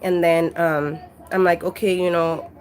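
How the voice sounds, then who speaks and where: A woman with a fairly low, darkish, fairly monotone voice speaks a little slowly, telling her life story casually to a handheld camera held at arm's length. Her vlog rambles, peppered with "you know" and free swearing, while faint music plays behind.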